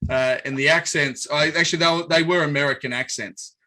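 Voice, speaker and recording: A man's voice: on the high side, steady tone, fairly quick, sharp tone. An Australian man hosting a podcast interview, chatting in a friendly, rambling way with many restarts. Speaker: podcast host. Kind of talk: casual interview chat.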